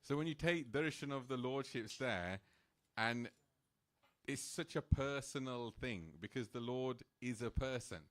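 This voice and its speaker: At a temple program, a man tells a personal story in a lively, casual way, dropping lots of "like" fillers and small laughs. His voice sits at a medium pitch and he keeps a measured pace.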